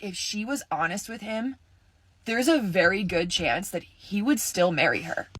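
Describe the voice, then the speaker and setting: A woman's voice: fairly low pitch, pushed and bright, no room sound. Dramatic, swearing young woman storyteller. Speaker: vlogger. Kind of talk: storytime vlog. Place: parked car.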